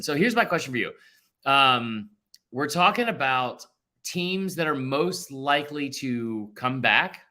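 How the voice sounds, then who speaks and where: A man's voice: mid-range voice, pushed and bright. A man in his thirties hosting a casual sports podcast, rambling and self-deprecating. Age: 30s. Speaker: podcast host.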